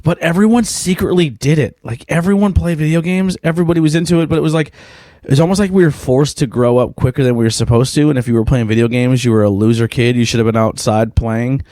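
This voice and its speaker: A man's voice: medium pitch, fast talker, mellow, dry recording, studio quality. Laid-back, cursing male podcast host. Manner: rambling, profane, laid-back, lots of fillers. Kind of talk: casual solo podcast chat.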